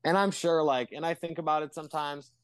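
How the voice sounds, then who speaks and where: A man's voice: a little high, steady tone, fast, clear, resonant tone, dry recording. A man talking in casual podcast chat as a guest musician, rambling with lots of swearing and fillers.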